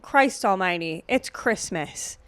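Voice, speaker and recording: A woman's voice: medium pitch, animated, slow, fairly bright tone, smooth, no room sound. A woman hosting a podcast in a casual chat, sarcastic and profane, with lots of filler words. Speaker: podcast host.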